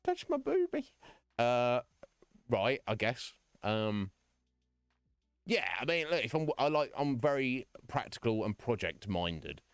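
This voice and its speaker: A man's voice: medium pitch, animated, slow pace, clear, resonant tone, no room sound, studio quality. A man live-streaming from home, chatting casually with viewers in a frank, rambling way, often breaking into chuckles. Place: home room.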